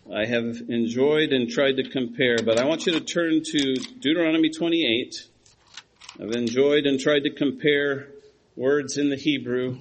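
A middle-aged man preaching a sermon, emphatic and animated, rising high on stressed points and dropping low and quiet for asides. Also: low-quality recording.

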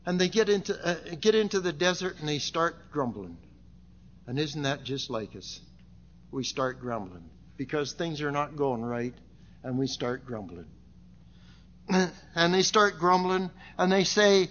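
A middle-aged male preacher delivers a gospel sermon in a meeting room, repeating scripture with fervour and dropping to hushed asides. His voice sits high and bright, and he speaks slowly. The recording is dull and lo-fi. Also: expressive. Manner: fervent, swings from loud exclamations to low quiet asides; repeats phrases and quotes King James scripture.

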